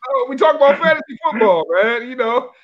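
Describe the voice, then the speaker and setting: A man's voice: very high-pitched, expressive, brisk, dull audio, a crowd in the background. A man on a podcast panel who keeps cutting in, laughing as he retells a story. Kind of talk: animated casual chat.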